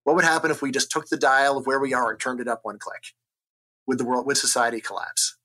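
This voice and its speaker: An American economist appears as a guest in a conversational interview, laying out ideas in an energetic, argumentative way and often checking in with "right?". He speaks fast at a medium pitch.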